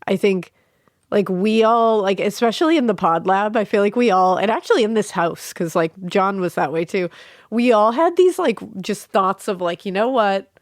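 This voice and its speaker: A woman's voice: medium pitch, lively intonation, normal speed, dry recording, studio quality. A woman co-hosting a true-crime podcast, talking with emphatic enthusiasm and jokes. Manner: enthusiastic, joking, emphatic asides. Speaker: podcast co-host. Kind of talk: casual true-crime chat.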